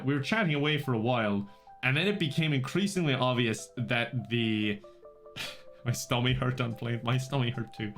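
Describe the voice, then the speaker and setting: A man with an Irish accent telling a casual anecdote on a stream, rambling, animated and often cutting himself off. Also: mid-range voice. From Ireland. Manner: rambling, animated, self-interrupting.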